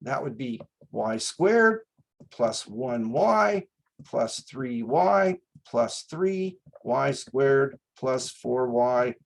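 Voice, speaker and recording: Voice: mid-range voice, animated, drawn-out words, gravelly, rough recording. A math instructor giving a classroom lecture in a folksy way, checking in with students and slipping in small jokes.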